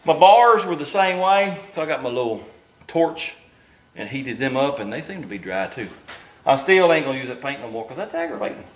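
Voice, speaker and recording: Man, garage vlog host, breathy, lively pitch, talks in a folksy ramble. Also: a little fast, a little hiss or hum. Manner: folksy drawl, rambling and self-deprecating. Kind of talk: casual workshop vlog. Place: home garage.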